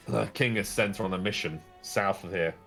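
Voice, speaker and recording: A man's voice: low-pitched, normal speed, creaky, fairly bright tone, soft background music. A man narrating as game master and voicing the non-player characters in a tabletop role-playing game, in a casual, rambling way.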